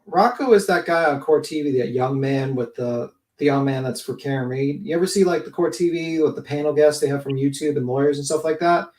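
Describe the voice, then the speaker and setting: A man's voice: fairly high pitch, a little fast, hardly any pauses, darkish tone. Rambling male stream co-host, casual, slightly distant from the mic. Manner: rambling, filler-heavy. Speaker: livestream co-host. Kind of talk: casual chat.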